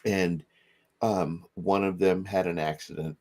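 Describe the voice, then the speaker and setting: A middle-aged man with a somewhat low voice spins a rambling anecdote for his podcast co-hosts. He slips into other people's voices as he quotes them, in an easy, casual telling. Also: steady tone, unhurried, a little mellow. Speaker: podcast co-host. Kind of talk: casual storytelling.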